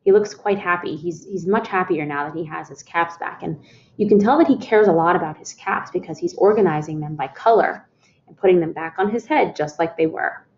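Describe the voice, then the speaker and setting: A woman reading a picture book aloud to children, expressive, calling her listeners "friends" and asking them questions. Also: fairly low pitch, fairly quick, lo-fi sound, a little hiss or hum. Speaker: storytime reader.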